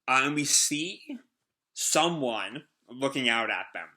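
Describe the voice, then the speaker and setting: A man's voice: mid-range voice, animated, takes it slowly, pushed and bright. A man reading a comic live and commenting on it, rambling with many fillers. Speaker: comic reaction host.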